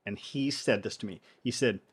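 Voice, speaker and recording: A man co-hosting a casual podcast, animated and playful, talking loosely with plenty of fillers. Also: fairly low pitch, normal speed, husky. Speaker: podcast co-host.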